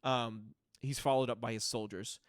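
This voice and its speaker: A man narrating a tabletop game as game master, relaxed and full of fillers. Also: mid-range voice, moderate pace, no room sound, studio quality.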